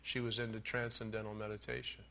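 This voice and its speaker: Forceful, bright-voiced preaching man. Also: fairly low pitch, flat delivery, gravelly. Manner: emphatic preaching, lists points, slows on key words; dry joking asides. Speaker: pastor. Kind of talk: sermon.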